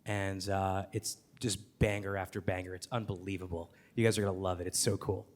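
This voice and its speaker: A man talking onstage as a podcast host, enthusiastic and rapid, with many fillers, restarts and the odd swear word. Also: deep voice, flat delivery, darkish tone. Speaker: podcast host and guest speaker. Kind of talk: live onstage conversation.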